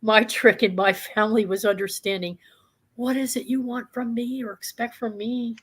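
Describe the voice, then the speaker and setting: A woman hosting a live talk show, telling a calm, reflective story from her own past. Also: a little high, normal speed, husky. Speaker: host.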